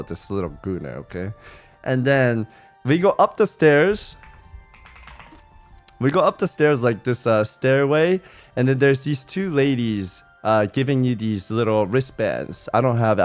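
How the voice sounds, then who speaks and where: A young man from California recounts his trip in a loose, slang-heavy vlog style. He throws in the odd swear and acts out what his friends said. His voice sits in an ordinary middle pitch, with faint music underneath. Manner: animated, slangy, swears, mimics friends in quotes. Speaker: streamer. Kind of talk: casual storytelling vlog.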